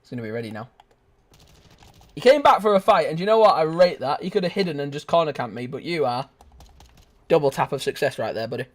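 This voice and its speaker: A young man giving lively, joking live commentary as he streams a shooter game and chats with his viewers. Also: mid-range voice, fast talker. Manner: excitable, shouts and laughs at the game; joking banter with chat. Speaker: gaming streamer.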